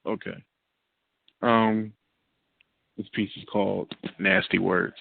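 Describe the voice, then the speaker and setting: Man, low gravelly voice, spoken word poet, rhythmic repeating cadence, tinny dry phone line. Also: flat delivery, slow, dry recording. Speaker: guest poet. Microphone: phone call.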